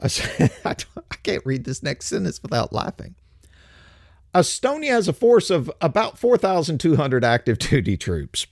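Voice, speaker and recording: An older male host delivers a sarcastic political commentary monologue, blunt and coarse. His voice sits high for a man and swings all over the place. The sound is dry and close, with no room echo. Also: wildly swooping pitch, moderate pace, darkish tone. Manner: mocking and sarcastic, laughs often; blunt, coarse street talk.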